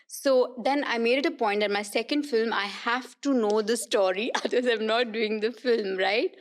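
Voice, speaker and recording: A woman talks through her memories on a podcast. She tells them in a lively, anecdotal way, laughing often, and her voice sits somewhat high. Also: normal speed. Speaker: guest, actress and politician. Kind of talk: casual podcast conversation.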